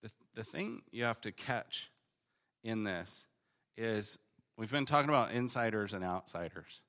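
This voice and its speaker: Bright-voiced man teaching scripture casually. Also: fairly low pitch, unhurried. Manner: casual, animated, paraphrases scripture in slangy voices; swings between loud emphatic bursts and quiet reading. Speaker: preacher teaching on the Gospel of Luke. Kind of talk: conversational Bible teaching.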